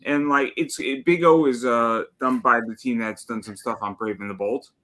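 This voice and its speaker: A man chatting excitedly on a podcast, enthusiastic and cursing casually. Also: medium pitch, moderate pace.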